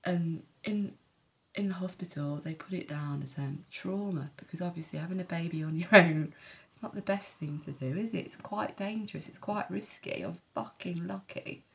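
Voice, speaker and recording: Blunt gravelly-voiced woman. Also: on the low side, moderate pace. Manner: candid, blunt, swears freely, rambling asides. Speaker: vlogger. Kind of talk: personal storytelling to camera.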